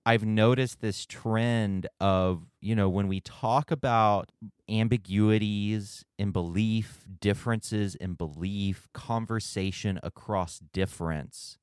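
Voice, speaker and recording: In a conversational podcast interview, the male host thinks aloud with hesitation and keeps restarting phrases. His voice is on the low side with a clean tone, and the studio recording has no room sound.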